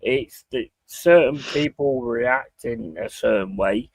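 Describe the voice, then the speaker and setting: A man's voice: medium pitch, slow, no echo. A man hosting a casual chat, talking bluntly and swearing freely. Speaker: podcast host.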